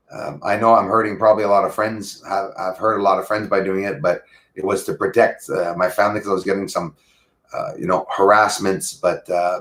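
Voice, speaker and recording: A man hosting a casual livestream, talking to viewers in a halting, earnest way with many fillers and restarts. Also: sits low. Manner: earnest, thankful tone. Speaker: livestream host.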